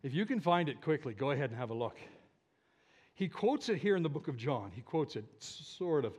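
A man preaching a sermon in a church, animated and leading the congregation in shouting together. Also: fairly high pitch, fairly quick, breathy edge. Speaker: pastor.

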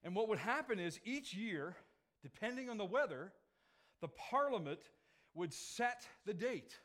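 Guy pastor giving a sermon, bit high voice, jokey, punches words loud then goes chatty. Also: unhurried. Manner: lively and joking, with sudden loud emphatic phrases.

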